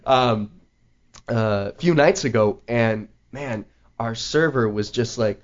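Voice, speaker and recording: A man hosting a casual chat, agreeable and quick to laugh, acting out bits of his stories. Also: medium pitch, animated, dull audio. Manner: laughing, agreeable, does playful voices in stories. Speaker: podcast host.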